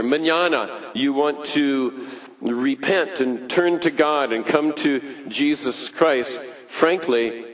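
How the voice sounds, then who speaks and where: A man preaching a sermon, building points through repetition, his voice rising high and then dropping low and quiet. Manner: deliberate, repetitive preaching with wide swings in pitch and loudness. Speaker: pastor.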